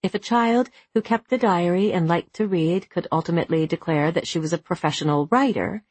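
A woman narrating a novel as an audiobook, with a measured, expressive reading. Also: fairly low pitch, slightly rough, no echo. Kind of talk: scripted narration.

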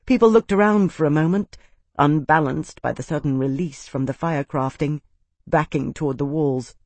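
A man narrates a fantasy audiobook with steady, dramatic pacing. His voice sits a little higher than most men's, and the recording is completely dry, with no room sound at all. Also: normal speed, no room sound.

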